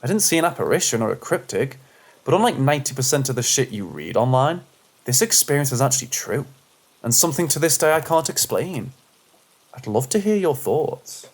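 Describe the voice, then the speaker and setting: A man narrating first-person paranormal stories aloud, in an animated storytelling manner. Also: fairly quick, husky. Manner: animated storytelling with lively pitch.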